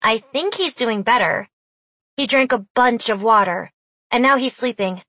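A woman voicing a caring, soft-hearted young girl in an audiobook, speaking gently. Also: on the high side, unhurried, no room sound. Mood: tender.

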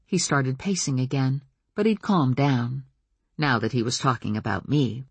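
Woman narrator for a first-person audiobook, measured, husky, dry close mic. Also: rumbling low, no room sound.

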